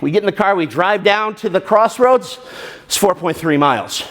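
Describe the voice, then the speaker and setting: High-voiced animated male storyteller. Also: normal speed. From Southern Illinois. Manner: animated, acts out his own inner voice. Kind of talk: storytelling talk to an audience.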